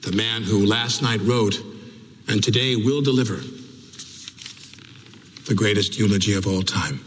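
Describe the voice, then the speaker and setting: An actor playing a vain, pompous executive who delivers a grandiose, self-aggrandizing eulogy in a sitcom, with a long hall reverb. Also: male voice, fairly low pitch, unhurried, slight background noise, natural voice. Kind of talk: TV sitcom acting.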